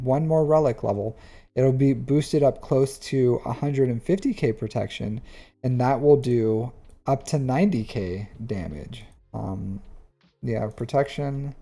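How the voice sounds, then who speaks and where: Guy streaming, kinda gravelly, talks fast and loose with lots of likes and ums. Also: medium pitch. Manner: chatty, animated, filler-heavy. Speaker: streamer reviewing game accounts. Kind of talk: casual live-stream commentary.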